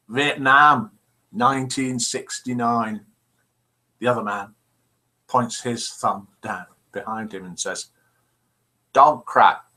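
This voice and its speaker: A man's voice: lowish voice, fairly bright tone. An older man hosting a live chat stream, reading out viewers' messages in a chatty, self-deprecating way with many "uh" fillers. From England. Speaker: host of a live chat show.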